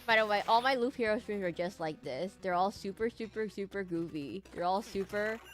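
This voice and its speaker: A woman's voice: mid-range voice, fairly quick, soft background music. A woman streaming a game, rambling goofily with frequent laughs and hummed snippets. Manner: goofy, rambling, giggly, hums and sings snippets. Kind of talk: casual gameplay commentary.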